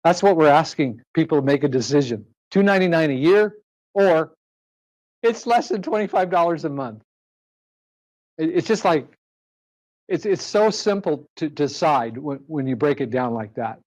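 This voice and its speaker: A man with a voice on the higher side of average delivers a live sales pitch to a roomful of people. He talks persuasively, repeating prices and throwing rhetorical questions out to the crowd for answers. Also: lively intonation, moderate pace, darkish tone. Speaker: sales presenter. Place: presentation room with a live audience.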